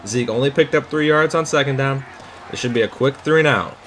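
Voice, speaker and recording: A man's voice: medium pitch, a little fast, slight background noise. Casual young man commentating his game. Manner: casual, swears, bursts into loud shouts at plays. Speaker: gaming YouTuber. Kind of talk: live gameplay commentary.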